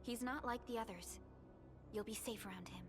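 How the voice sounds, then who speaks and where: In a game scene, a calm, reassuring companion with a measured, steady delivery. Her voice sits a little high, and clear game music plays behind her.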